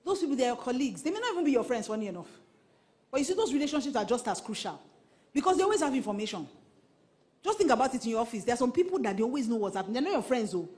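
A woman's voice: on the high side, very fast. Nigerian woman pastor preaching. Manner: animated preaching with repetition, slipping into pidgin. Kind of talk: sermon. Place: church.

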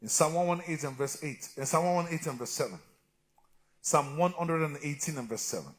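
Impassioned middle-aged male preacher. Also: fairly quick. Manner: swings between loud shouted exhortation and low, quiet talk; calls for amens and answers from the congregation. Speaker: pastor. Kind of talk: sermon.

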